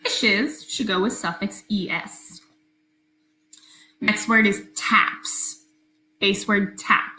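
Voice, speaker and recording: A woman teacher giving a recorded phonics lesson to her class, speaking slowly, clearly and patiently. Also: medium pitch, steady tone, pushed and bright, echoey room, rough recording.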